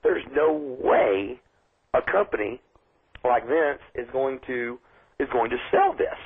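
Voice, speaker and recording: Phoning into a radio show as a guest, the wrestler speaks slowly in a husky, medium-pitched voice and is very animated. He tells his story casually and performs the voices he quotes, all through a tinny phone line.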